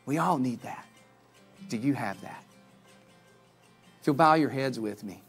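A pastor giving a sermon, earnest, rising to loud calls and dropping to soft pleading at the altar call. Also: male voice, mid-range voice, unhurried, slightly rough, faint music behind.

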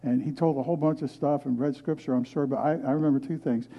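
A man's voice: medium pitch, fairly even intonation, fast talker, highs cut off. Older pastor telling his testimony. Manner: storytelling, earnest, with frequent restarts. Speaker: guest pastor. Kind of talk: sermon testimony. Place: movie theater used as church.

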